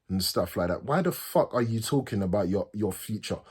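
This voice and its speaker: Furious swearing football fan, husky voice. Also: male voice, lively intonation, brisk. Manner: furious, swearing, repeats himself; pitch swings from loud highs to low mutters. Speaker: football fan channel host. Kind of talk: angry fan rant.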